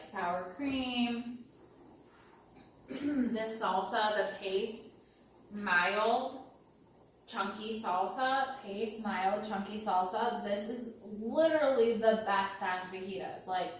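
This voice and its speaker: Chatty woman hosting a home cooking vlog, rambles and jokes at her own expense; picked up from across a boomy kitchen. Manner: chatty, rambling, self-deprecating. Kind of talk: casual cooking chat. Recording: very echoey room, mic far off, noisy.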